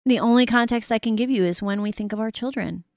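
A woman's voice: fairly high pitch, fast, a little mellow, no echo. Woman host for a faith talk show, middle-aged, earnest and encouraging, quotes scripture, dry close mic.

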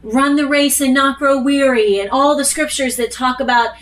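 A woman leading a casual group Bible study, talking earnestly and quoting scripture with animated emphasis. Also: high voice, moderate pace. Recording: distant mic with faint room noise.

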